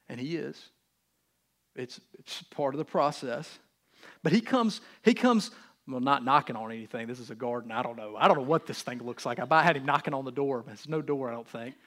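A man preaching a sermon in a conversational way. He swings from loud emphasis down to soft, near-whispered lines and acts out voices in casual speech. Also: mid-range voice, normal speed. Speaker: pastor.

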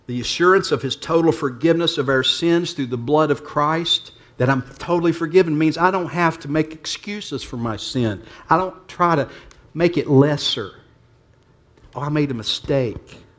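A pastor preaching a sermon to his church, talking plainly and swinging between hushed asides and emphatic points. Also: on the high side, moderate pace.

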